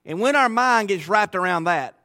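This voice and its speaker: High-voiced man preaching, dry close sound. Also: animated, normal speed, pushed and bright, dry recording. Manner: conversational, emphatic, repeats phrases. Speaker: pastor. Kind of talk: sermon.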